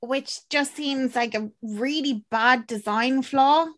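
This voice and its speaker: A woman's voice: high-pitched, a bit bright. A woman, casually recapping a film in chatty, swearing banter. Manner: chatty, swearing, acts out lines in quick voices.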